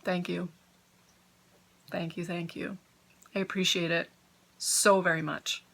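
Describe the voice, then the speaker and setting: A woman's voice with a clear, bright edge, talking casually to her viewers from home. She is chatty and grateful, drifts off topic easily and sometimes talks with her mouth full. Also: on the low side, flat delivery, slow pace. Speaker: knitting podcaster. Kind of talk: casual chat to camera.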